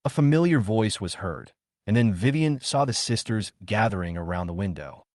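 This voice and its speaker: A low-voiced man narrating a manhwa recap in a steady storytelling read. His pitch swings widely across phrases. The sound is dry and close-miked. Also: normal speed, no echo.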